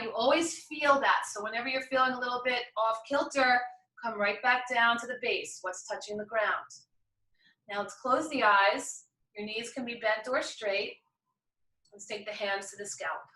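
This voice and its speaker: Bright-voiced woman guiding a yoga class. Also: fairly high pitch, roomy sound, distant mic, poor audio. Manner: encouraging, chatty, talks through each move. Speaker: yoga instructor. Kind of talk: guided yoga class instruction.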